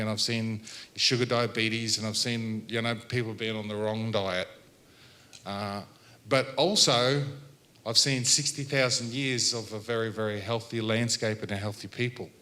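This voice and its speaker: An Australian man giving a Welcome to Country at a health symposium, talking in a relaxed, chatty way with jokes and laughs between points. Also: fairly low pitch, normal speed. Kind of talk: relaxed public address with storytelling.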